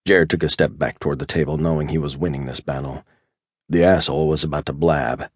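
A man with a very deep voice reads an audiobook in steady scripted narration. The sound is dry and close, with no room around it. His delivery stays low and even between the lines of dialogue. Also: brisk, slightly rough, dry recording.

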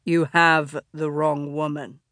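Smoky-voiced dangerous man , played by a woman narrator: low, cold, possessive, pitched well down from her own voice, dry close read. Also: level tone, takes it slowly, pushed and bright, dry recording. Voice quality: deep, smoky. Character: menacing masked man, deep smoky voice.

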